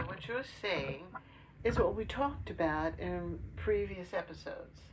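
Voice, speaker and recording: A woman's voice: on the low side, expressive. Older lady podcast host, lots of uhs, faint hiss in the background. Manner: storytelling with many pauses and fillers. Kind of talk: casual chat. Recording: distant mic with faint noise.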